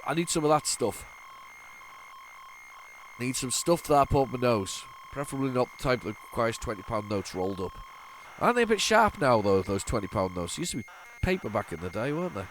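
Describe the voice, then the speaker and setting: A man's voice: fairly low pitch, a little hiss or hum. Stuffy-nosed man rambling over gameplay. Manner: rambling, chatty, frequent restarts and repeated words. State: congested, stuffy nose. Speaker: retro gaming channel host. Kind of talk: casual gameplay commentary.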